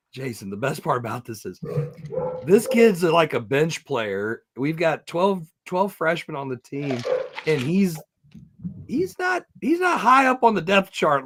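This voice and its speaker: A man who coaches, co-hosting a podcast and excitedly telling a story in casual chat, laughing as he goes. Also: on the high side, slight background noise.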